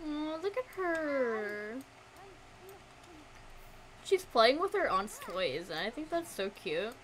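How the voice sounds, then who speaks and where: Slow-talking young woman game streamer. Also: on the high side, big pitch swings, a bit bright, slight background noise. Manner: chatty, talks to chat and to her game characters. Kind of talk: casual gameplay commentary.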